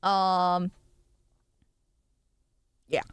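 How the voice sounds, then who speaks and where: A woman's voice: fairly low pitch, monotone, drawn-out words, clear, resonant tone, no room sound. Woman, streamer, casual chat, rambling, giggly, dry close sound. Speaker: VTuber streamer.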